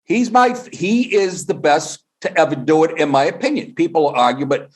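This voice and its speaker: A middle-aged comedian telling stories on a podcast, animated and profane, acting out the people he quotes. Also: on the high side, moderate pace. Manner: animated storyteller, swears, acts out quotes. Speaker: guest comedian. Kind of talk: casual podcast chat.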